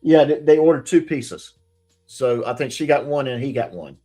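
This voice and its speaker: A man's voice: medium pitch, moderate pace, warm tone, soft background music. A man hosting a live-stream commentary show, chatty and hesitant, with many restarts. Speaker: host.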